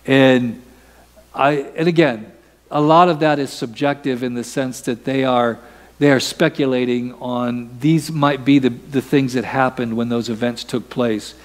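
A man's voice: mid-range voice, fairly even intonation, unhurried, big-room sound. A man preaching a sermon as pastor, talking in a conversational way and acting out quoted voices. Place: church sanctuary.

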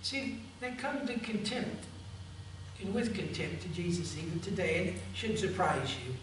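A man's voice: sits high, normal speed, a bit bright, a little hiss or hum. A male pastor preaching a sermon emphatically and addressing the congregation directly, recorded in a church sanctuary from a distance. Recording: echoey church from far off.

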